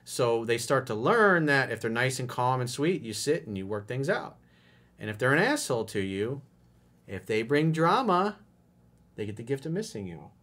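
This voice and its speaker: A man's voice: medium pitch, big pitch swings, normal speed, a bit bright. A man giving blunt relationship advice in a monologue, answering a listener's letter and swearing freely as he acts out lines of dialogue. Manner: blunt, direct and profane, acting out lines of dialogue.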